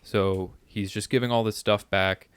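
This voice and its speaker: Smooth-voiced man recapping a film plot. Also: lowish voice, steady tone, no room sound. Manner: recaps the plot in halting, reflective phrases. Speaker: podcast co-host. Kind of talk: casual movie discussion.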